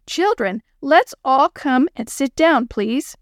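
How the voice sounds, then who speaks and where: A woman voicing a patient children's teacher in a storybook, gently instructive. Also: high-pitched, expressive, slow pace, dry recording, studio quality. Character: calm adult woman children's church teacher.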